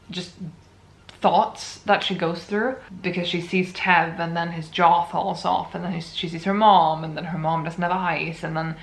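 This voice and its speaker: Chatty woman, gravelly low voice, echoey room. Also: a bit bright. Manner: rambling, self-amused, chatty. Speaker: writing vlogger. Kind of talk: casual chat.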